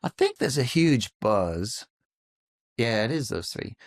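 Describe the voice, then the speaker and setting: In a casual podcast interview, a middle-aged British company founder answers thoughtfully and hesitantly, full of fillers and restarts. His mid-range voice is very animated yet slow-paced, captured in studio quality with no room sound.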